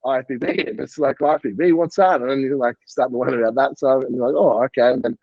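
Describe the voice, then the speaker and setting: A man's voice: mid-range voice, fairly even intonation, fast talker, gravelly, dry recording, highs cut off. A man, a podcast guest and coach, chatting casually and rambling with lots of "like" and the odd swear word. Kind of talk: casual interview chat.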